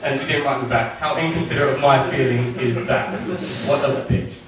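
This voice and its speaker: A young man performing a stand-up routine with jittery, deadpan delivery, recorded by a distant camera in a room with an audience. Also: mid-range voice, a crowd in the background. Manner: jittery, quick asides, deadpan punchlines. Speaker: stand-up comedian. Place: club or function room with audience. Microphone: distant camera mic. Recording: echoey room from far off. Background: audience laughter.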